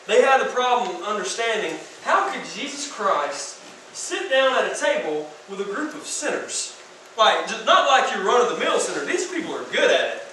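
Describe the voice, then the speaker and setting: A man preaching a sermon as youth pastor in a casual, slangy, animated way, in a large room. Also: high-pitched, moderate pace, slight background noise. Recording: echoey room from far off.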